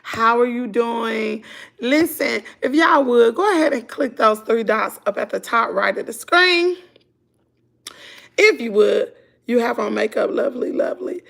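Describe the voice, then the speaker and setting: Hoarse, gravelly Southern woman. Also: a little high, lively intonation, unhurried, fairly bright tone. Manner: chatty, talks to viewers as y'all. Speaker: vlogger. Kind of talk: casual live-stream chat.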